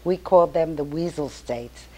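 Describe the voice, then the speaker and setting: An older woman tells her story in a lowish, conversational voice. She talks casually to an activist meeting and slips into lively quotes as she goes. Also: a little slow. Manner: chatty, storytelling, animated quotes. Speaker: activist speaker. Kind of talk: informal talk at a meeting.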